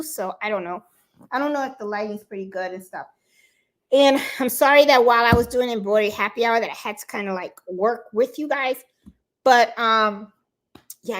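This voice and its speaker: A woman from Puerto Rico hosts a relaxed craft livestream, her voice sitting a little on the high side. She chats loosely with her viewers, greets them one by one by name, and fills the gaps with easy ums and let's-sees. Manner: chatty, greets viewers by name, lots of fillers. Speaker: craft channel host. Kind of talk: casual livestream chat, reading viewer comments.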